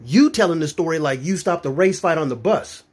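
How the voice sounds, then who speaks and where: A young man from Florida doing stand-up, telling stories with a raised, fairly high voice. His pitch swings all over the place as he builds to each punchline, profane and incredulous. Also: a little fast. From Florida, USA. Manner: profane, animated, incredulous storytelling. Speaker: stand-up comedian. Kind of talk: stand-up comedy storytelling.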